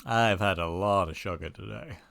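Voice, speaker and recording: A man's voice: low voice, moderate pace, gravelly, fairly bright tone. A man streaming a video game, chatting casually with rambling, self-mocking asides. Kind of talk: casual gameplay chat.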